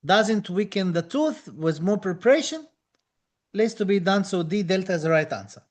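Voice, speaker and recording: A high-pitched man with as a teaches a live online dental exam class. He talks with eager enthusiasm, repeating key phrases to encourage his students. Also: lively intonation, moderate pace. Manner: enthusiastic, reads out viewer comments, repeats phrases.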